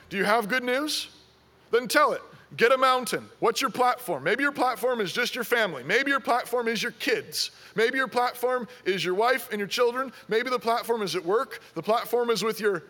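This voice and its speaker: Male pastor, high bright voice, preaching with insistent repeated questions. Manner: exhorting, repeats rhetorical questions. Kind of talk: sermon.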